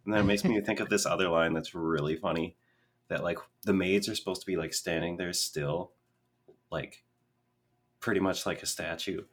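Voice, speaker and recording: A young man with a low, husky voice chats loosely as a podcast co-host. He wanders off on tangents and fills gaps with "like" and "you know." He is from Minnesota. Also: fairly even intonation, moderate pace. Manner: rambling, full of tangents and fillers. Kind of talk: casual chat.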